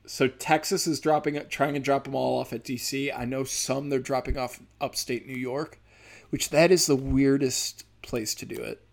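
A man's voice: mid-range voice, steady tone, moderate pace, gravelly. Rambling profane male comic. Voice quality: speech impediment. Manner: rambling, profane, many fillers. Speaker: stand-up comedian and podcast host. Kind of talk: casual podcast monologue.

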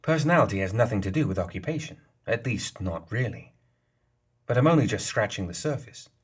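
A smug, knowing geisha woman who enjoys toying with her listener, as a man reads her. The voice is low and husky, lifted only a little for her. It is a storybook reading with playful, teasing turns. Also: animated, a little fast. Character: sly, smug female geisha leader.

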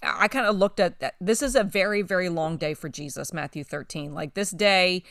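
A woman's voice: on the low side, normal speed, dry recording, studio quality. Enthusiastic woman leading Bible study. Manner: enthusiastic, animated when retelling scripture. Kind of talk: conversational Bible study discussion.

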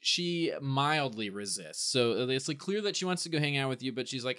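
A man's voice: medium pitch, lively intonation, fairly quick, hardly any pauses, fairly bright tone, clear, resonant tone. A man narrating a tabletop game as game master in a laid-back, improvising way.

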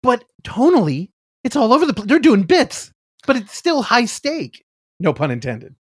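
Chatting casually on a podcast, this co-host recounts a movie scene with lively delivery, performing the quotes and cursing without restraint. His very high voice has a breathy edge and a normal pace, recorded dry at studio quality.

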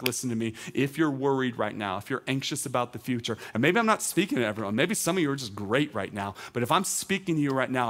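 A man's voice: medium pitch, a bit bright. A man, a teaching pastor, preaching a conversational sermon outdoors, often repeating words and building to urgent, raised appeals. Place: outdoor service.

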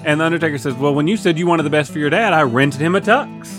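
A man co-hosting a comedy podcast, telling jokes with goofy, lively banter. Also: a little high, fast talker, over loud music. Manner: goofy, repeats silly exclamations, lively storytelling. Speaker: podcast co-host. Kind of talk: casual joke-telling banter.

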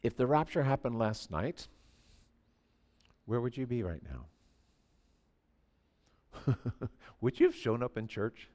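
A man in his sixties preaching a sermon in a church, telling stories animatedly and swinging from quiet asides to near shouting. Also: medium pitch, sing-song, slow, long pauses. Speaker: pastor.

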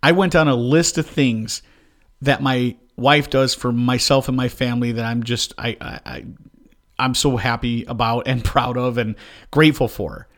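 A man co-hosting a podcast, telling stories in a casual chat and quoting his wife and daughter in lively voices. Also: medium pitch, moderate pace. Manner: animated storyteller, quotes people in raised voices. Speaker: podcast co-host.

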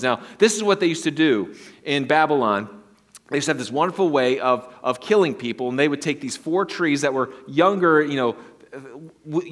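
A man preaching a sermon, reading scripture aloud and explaining it with lively, conversational asides, his voice swinging from quiet low stresses to high emphatic peaks.

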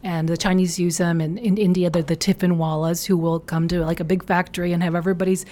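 A woman from Chicago, a podcast guest, telling lively anecdotes in casual chat and acting out what people said. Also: fairly low pitch, fast.

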